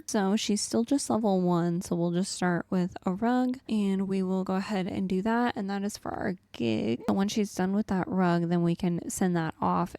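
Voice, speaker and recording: A young woman chats her way through a life-sim game in a relaxed, upbeat tone, talking straight to her viewers. Her voice is mellow and soft-edged. The sound is dry and close, with almost no room around it. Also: mid-range voice, creaky, no room sound. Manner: chatty, upbeat, talks to viewers as "guys" and "y'all". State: has the hiccups. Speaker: gaming channel host. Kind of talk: casual gameplay commentary.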